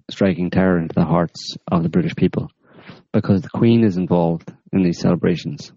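A man hosting a podcast, rambling in a deadpan sarcastic way with many fillers. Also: deep voice, fairly quick, no room sound, highs cut off. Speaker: podcast host. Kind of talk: sarcastic current-affairs chat.

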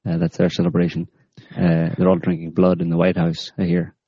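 Male host, very low voice, deadpan sarcasm, dry dull recording. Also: fairly quick, husky, no room sound. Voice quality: rambling, deadpan with many fillers. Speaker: podcast host. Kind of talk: sarcastic current-affairs chat.

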